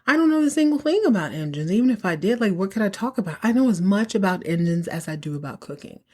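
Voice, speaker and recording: A woman voicing a coy soap-opera schemer in a high, innocent sing-song protest. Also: animated, fast talker, darkish tone, close to an everyday voice.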